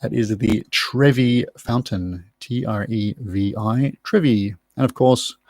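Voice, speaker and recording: A man's voice: fairly low pitch, takes it slowly, a little mellow, no room sound, studio quality. A man hosting a live online pub quiz from home, chatty and rambling with self-mocking asides. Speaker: quiz host. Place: room at home.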